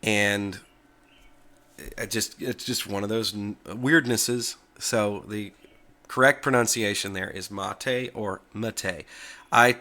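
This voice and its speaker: A man hosting a casual tech talk video from the United States, relaxed and chatty, sometimes correcting himself as he goes. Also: lowish voice, a little slow.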